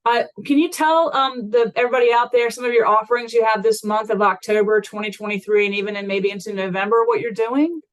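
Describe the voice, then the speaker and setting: Woman, host, warm, affirming, explanatory, casual chat. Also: on the high side, fairly even intonation, fast talker, hardly any pauses, low-quality recording. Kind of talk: casual conversation.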